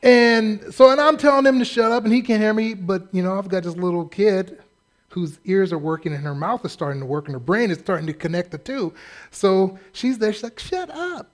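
A man's voice: high voice, brisk. A man preaching a sermon as pastor, humorous and acting out the voices of the people in his stories. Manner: humorous, acts out quoted voices.

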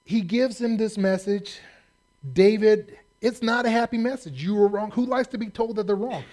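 Male pastor, slightly higher voice, casual joking sermon delivery. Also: normal speed. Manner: folksy, animated storytelling with humor.

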